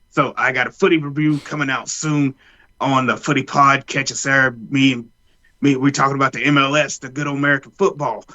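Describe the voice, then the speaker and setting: A man's voice: medium pitch, steady tone, a little fast, bright, forceful tone, muffled recording. A man co-hosting a podcast, rambling loosely with frequent restarts. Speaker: podcast co-host. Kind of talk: casual chat.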